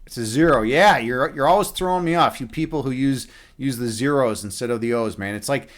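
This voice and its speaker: A male streamer talks loosely from a home streaming room while a chess game runs, his voice sitting at an ordinary middle pitch. He rambles, restarts his sentences often and drops in casual swearing, close on a desk mic. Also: brisk. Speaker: live streamer.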